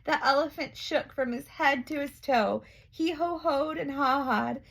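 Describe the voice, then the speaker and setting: A woman storyteller reading a rhyming children's picture book aloud. She takes her time with each line, in a slightly high, expressive voice. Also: slow pace, gravelly, poor audio.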